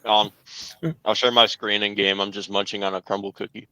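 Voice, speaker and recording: A man's voice: fairly low pitch, flat delivery, moderate pace, bright, forceful tone, clear, resonant tone, no echo, rough recording. A man hosting a casual gaming stream, teasing his guests and swearing freely. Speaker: stream host.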